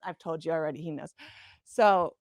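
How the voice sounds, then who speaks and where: A woman guest on a podcast, telling stories in a casual, animated, profane way, full of "like" fillers. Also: deep voice, moderate pace, no echo, studio quality. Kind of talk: casual storytelling chat. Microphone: podcast studio mic.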